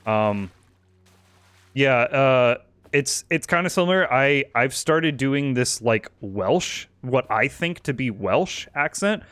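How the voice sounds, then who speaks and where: A man's voice: mid-range voice, lively intonation, takes it slowly, fairly bright tone, clean tone, no echo. A man chatting casually while playing a game with a friend, laughing a lot, rambling and swearing. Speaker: gaming co-host. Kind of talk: casual gaming chat.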